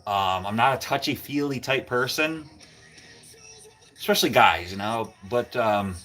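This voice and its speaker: A man's voice: mid-range voice, lively intonation, measured pace, pushed and bright, faint music behind. A man hosting a casual livestream from a cold garage, rambling and greeting viewers by name. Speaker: livestream host. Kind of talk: casual live-stream chat with viewers.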